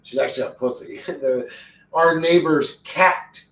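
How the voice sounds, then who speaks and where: A man's voice: fairly high pitch, unhurried, a bit bright, roomy sound, recorded from a distance, a little hiss or hum, low-quality recording. A man chatting casually and profanely on a live stream, joking and getting easily worked up.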